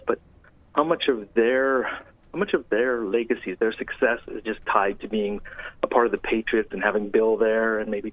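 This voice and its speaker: Low-voiced male caller on a tinny phone line. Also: no room sound. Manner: meandering, thinking out loud. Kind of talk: phoned-in question.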